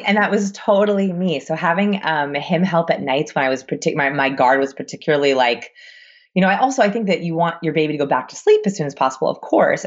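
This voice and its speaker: Low-voiced woman, chatty and rambling. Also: dull audio. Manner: chatty and rambling, with many fillers. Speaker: guest, new mother. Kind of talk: casual podcast chat.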